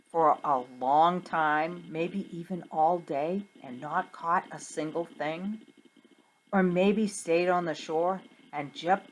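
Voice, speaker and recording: A middle-aged woman, a Sunday school teacher, telling a Bible story to children with questions and a sing-song delivery. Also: on the low side.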